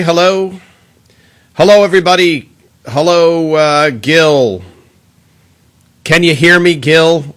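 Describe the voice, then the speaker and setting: A man's voice: fairly high pitch, a bit bright. A man hosting a casual live Q&A stream, greeting viewers one by one and chatting with plenty of filler words.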